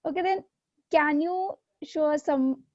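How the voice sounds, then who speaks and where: A woman hosts a casual interview, her voice sitting a little high. She sounds eager and admiring and laughs often. The recording is dull and lo-fi, and the sound is dry. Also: measured pace, darkish tone, no room sound. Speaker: interview host.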